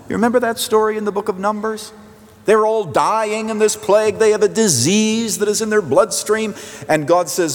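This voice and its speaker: Emphatic pastor preaching in a reverberant hall. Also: male voice, sits high, animated, normal speed. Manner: emphatic, repeats phrases for force, drops to quiet at endings. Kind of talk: sermon.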